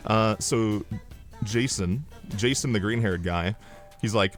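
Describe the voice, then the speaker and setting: A male streamer telling a comedic story in a rambling, animated way with deadpan asides. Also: fairly low pitch, takes it slowly, soft background music.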